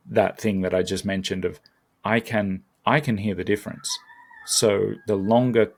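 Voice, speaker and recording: A man talks in a relaxed interview, his voice low and gravelly. He works through his thoughts slowly, with plenty of ums and restarts. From Australia. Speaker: guest, language learner and YouTuber. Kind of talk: casual conversation.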